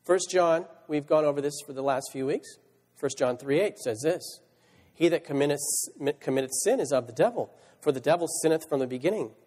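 High, lively preaching man in a church hall. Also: a little fast. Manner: rhetorical questions, reads scripture aloud. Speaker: pastor. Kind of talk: sermon. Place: church sanctuary.

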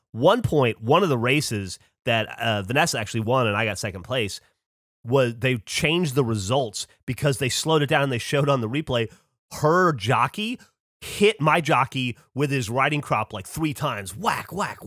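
Man, podcast co-host, casual stories, salty language, mid-pitched, dry sound. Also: no echo. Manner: animated storyteller, swears casually. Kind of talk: casual chat.

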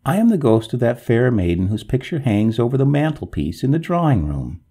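A man's voice: mid-range voice, big pitch swings, fairly quick, warm tone, slightly rough. A man voicing an indignant drowned young woman ghost, who talks in a prim, formal, reproachful way with a gargling sound. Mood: haughty.

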